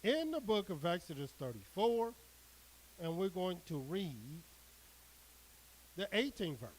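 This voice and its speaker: Slow, deliberate male preacher reading scripture and pressing each point with emphasis. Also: high-pitched, big pitch swings, slight background noise, rough recording. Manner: emphatic, drawn-out preaching cadence.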